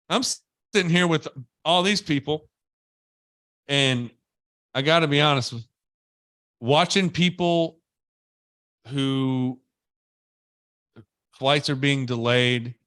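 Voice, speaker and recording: Animated man telling travel stories. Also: medium pitch, slow pace, pauses often, dry recording. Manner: animated storyteller, acts out quoted people. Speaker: podcast co-host. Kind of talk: casual chat.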